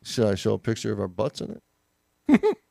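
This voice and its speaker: Man, co-host, playful teasing talk, gravelly edge, lively swooping pitch. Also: moderate pace, dry recording. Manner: playful, teasing, animated storyteller. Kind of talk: casual chat. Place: radio studio.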